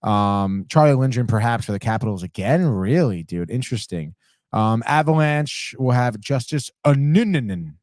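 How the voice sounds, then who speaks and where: A man's voice: medium pitch, animated, normal speed, darkish tone, no room sound, studio quality. A man hosting a live sports podcast alone, trash-talking teams, swearing and calling everyone "dude" as he reads chat comments. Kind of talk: live sports betting talk.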